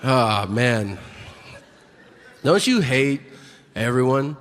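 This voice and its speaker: A man's voice: medium pitch, animated, drawn-out words, a bit bright. A man in his forties doing stand-up comedy on a theater stage, telling brash, profane stories into a handheld mic. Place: theater stage before a live audience. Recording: live hall reverb with audience noise.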